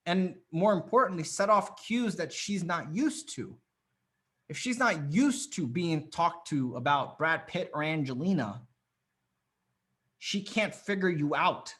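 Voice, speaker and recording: A man's voice: high-pitched, a bit bright. A man coaching a live dating session, swearing freely, piling up rhetorical questions and acting out the reactions he quotes. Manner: profane, emphatic, repetitive rhetorical questions; acts out quoted women's reactions.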